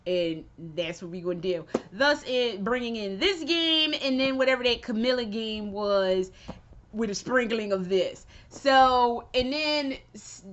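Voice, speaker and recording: A woman vlogger rambles through a casual spoken review, excitable and freely swearing. Her voice sits a little high and sounds sharp and forceful. The recording is muffled and lo-fi. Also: a little slow. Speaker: video game vlogger.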